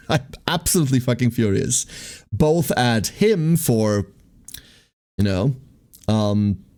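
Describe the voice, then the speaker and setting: A man's voice: mid-range voice, expressive, takes it slowly, a little mellow. A young man livestreaming, venting casually to his viewers in a rambling way, with lots of "like" and swearing.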